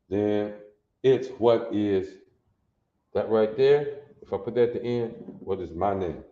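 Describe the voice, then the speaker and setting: A man with a lowish voice leads a classroom language lesson at an unhurried, deliberate pace. He keeps repeating phrases and checking that his listeners follow. The recording is roomy and echoey with a dull, lo-fi sound. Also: dark tone. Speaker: language instructor.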